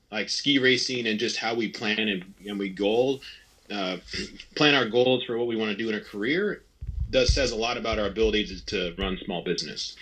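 A man in his thirties speaks in a husky, somewhat low voice, giving a relaxed interview. He talks candidly and loosely, restarting sentences and acting out his own past thoughts in quick quotes. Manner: candid, rambling, frequent restarts and quoted self-talk. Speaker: interview guest, retired ski racer. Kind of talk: casual interview conversation.

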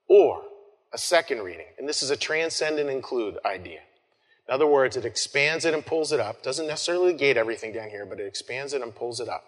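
A man preaching an Easter sermon as pastor, talking conversationally with frequent restarts and soft trailing phrases. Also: mid-range voice. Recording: long hall reverb.

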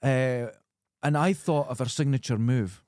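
A man co-hosting a podcast, trading crude jokes and swearing freely as he runs through the news. His voice sits at a middling pitch. The sound is dry and close, with no room around it. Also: unhurried, darkish tone, no echo. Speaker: podcast co-host. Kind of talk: casual banter.

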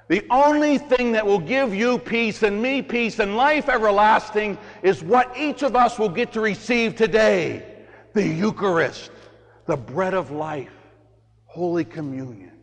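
A man, a priest, preaching a sermon in an animated way, moving from loud urging to hushed, quiet passages. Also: sits high, long reverb tail. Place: church.

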